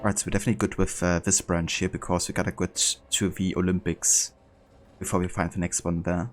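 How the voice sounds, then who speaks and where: A man's voice: low voice, a little fast. A man streaming a video game live, chatting casually and thinking aloud as he plays. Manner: relaxed, thinking aloud with fillers.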